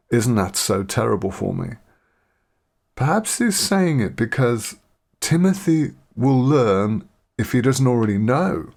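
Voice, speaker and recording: A man hosting a podcast, reading Bible verses slowly and then reflecting on them in his own words. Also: medium pitch, vocal fry, darkish tone, breathy edge. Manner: reads scripture aloud slowly, then muses and paraphrases. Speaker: podcast host and Bible teacher.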